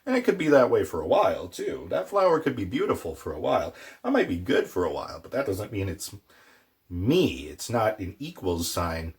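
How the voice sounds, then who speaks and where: A man teaching a casual language lesson, playful, with jokey asides and slow repeated words for pronunciation. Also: on the low side, very animated.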